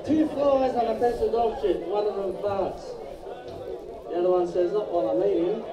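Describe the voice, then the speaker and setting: Man, high voice, crude deadpan joke-telling, live PA sound, loud crowd around. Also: moderate pace, muffled recording. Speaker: band member on stage. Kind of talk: stage banter telling jokes. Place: small live music venue, indoors. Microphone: stage PA heard from the audience. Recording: echoey club, taped far from stage.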